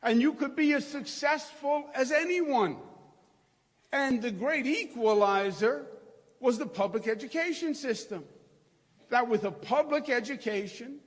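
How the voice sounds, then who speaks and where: A man's voice: extremely high pitch, unhurried. A middle-aged man from New York with a Queens accent, giving a rousing, folksy political rally speech as governor to a crowd. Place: large hall before a crowd. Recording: long hall reverb.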